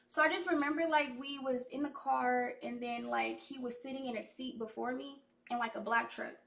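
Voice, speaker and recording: A woman's voice: sits high, steady tone, normal speed, creaky, a bit bright, far from the mic. A young woman, a recording artist, telling a loose, profane personal story full of "like," in an echoey room away from the mic. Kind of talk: casual story time.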